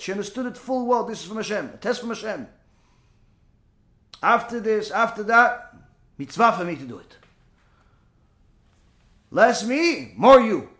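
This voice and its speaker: A man's voice: very high-pitched, sharp tone. A man giving a sermon, telling a story dramatically, repeating key phrases and asking rhetorical questions. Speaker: preacher.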